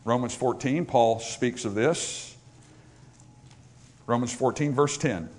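A man with a mid-range voice preaches slowly yet emphatically, building to loud, raised passages and easing into quiet asides. He reads scripture in old-fashioned wording.

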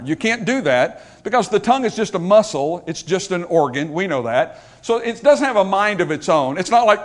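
A man's voice: on the high side, animated, normal speed. A male pastor preaching a sermon, joking with the congregation and asking them questions.

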